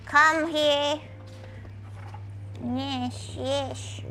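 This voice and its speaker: A woman's voice: very high voice, animated, measured pace, bright, forceful tone, a little hiss or hum. A woman streaming as a VTuber, chatting casually while cooking and talking to her dog, playful and crude, referring to herself in the third person.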